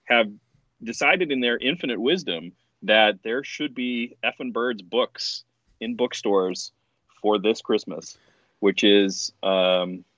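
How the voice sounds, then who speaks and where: A man's voice: on the low side, slow, no echo, lo-fi sound. A man telling funny stories in a casual podcast chat, laughing often. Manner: animated, laughing storyteller. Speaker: podcast guest.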